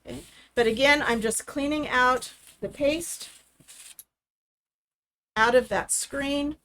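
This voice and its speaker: A woman's voice: sits high, slow, a bit bright. Chatty woman demonstrating a craft. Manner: chatty step-by-step explaining. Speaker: craft host.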